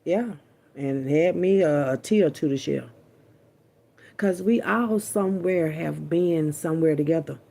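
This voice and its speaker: Woman vlogger, husky and breathy, casual storyteller who talks straight to camera, blunt and salty, repeats for emphasis. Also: low voice, a little slow, mellow. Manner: blunt, profane, chatty, repeats herself. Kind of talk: candid casual storytelling to viewers.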